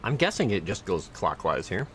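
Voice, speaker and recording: Very animated and speaking at a moderate pace, a man with a deep, somewhat bright voice streams a video game over a little hiss or hum. He casually talks to viewers, reads loot and skill descriptions aloud, and pokes fun at his chat.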